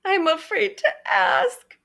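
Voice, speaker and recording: A woman's voice: very high voice, wildly swooping pitch, slow pace, bright, forceful tone, full character voice. A woman voicing a worried, fussy male elephant in a storybook read-aloud, sounding fretful and exasperated.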